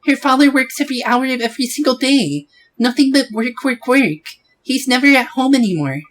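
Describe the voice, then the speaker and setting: A fussy old woman neighbor, put on by a man reading a game aloud, speaks in a raised, soft voice. She gossips on and on in a sympathetic tone. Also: extremely high pitch, fairly quick, pitched above the performer's own voice, poor audio. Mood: gossipy.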